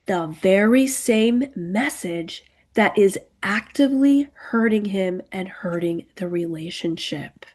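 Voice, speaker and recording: A middle-aged woman, a marriage coach, talking straight to her listener. She leans hard on key words, slows down to stress them and keeps checking in with "okay". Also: medium pitch, mellow. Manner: emphatic, repeats "okay" and "do you see it", slows to stress words. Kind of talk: direct-to-camera coaching talk.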